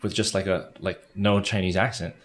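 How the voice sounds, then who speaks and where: A man in his thirties, a missionary guest in an interview, telling animated stories with many restarts. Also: low voice, moderate pace. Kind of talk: conversational interview.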